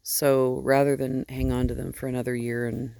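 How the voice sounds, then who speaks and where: A woman sheep farmer with a husky morning voice, just up and chatting casually into a handheld phone outdoors at her barn, wandering off topic as she goes. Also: rumbling low, level tone, normal speed, mellow, no echo. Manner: chatty and digressive, easily distracted. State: just woken up, yawning. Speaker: sheep farmer and fiber seller.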